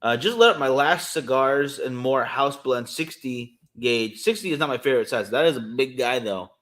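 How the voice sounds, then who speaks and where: A man's voice: mid-range voice, moderate pace, fairly bright tone. Casual podcast co-host, man, talks loosely and keeps going, lots of "um"s, easygoing and eager. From California. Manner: rambling, enthusiastic, many fillers. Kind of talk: casual chat.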